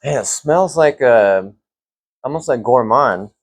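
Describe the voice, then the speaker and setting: A young man reviewing fragrances in a casual vlog, relaxed and rambling with lots of fillers. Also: medium pitch, takes it slowly, no room sound.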